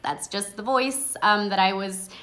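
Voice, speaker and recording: Woman host, casual chat, passionate, bright tense tone. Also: medium pitch, unhurried. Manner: passionate, animated, says her voice is often mistaken for anger.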